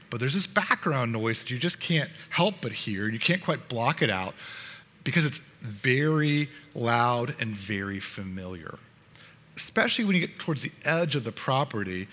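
A man's voice: mid-range voice, bright, forceful tone, long reverb tail. A man preaching a sermon, earnestly telling a parable in the second person with frequent restarts.

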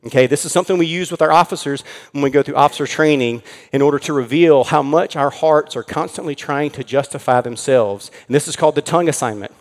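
A man delivers an earnest sermon in a church, slowing down to land his key points. His voice sits a little higher than most men's. A long reverb trails each phrase. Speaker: pastor.

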